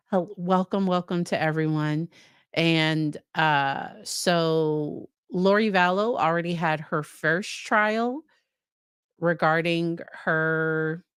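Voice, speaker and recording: A woman's voice: deep voice, smooth, no room sound, studio quality. A woman psychologist giving casual live-stream commentary, talking to her chat with frequent restarts and fillers. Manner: conversational, many restarts and fillers; talks to chat viewers by name. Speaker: psychologist commenting on a court case.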